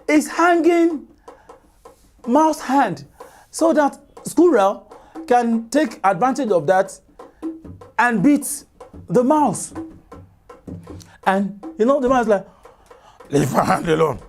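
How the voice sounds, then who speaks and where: Slow-telling woman storyteller. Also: on the high side, faint music behind. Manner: animated, chatty, with asides to listeners. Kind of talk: folk tale storytelling.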